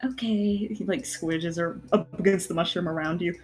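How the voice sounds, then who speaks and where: A woman's voice: fairly low pitch, fairly even intonation, moderate pace, a little mellow. A woman playing a tabletop game, describing her character with giggles and hesitant fillers. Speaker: player.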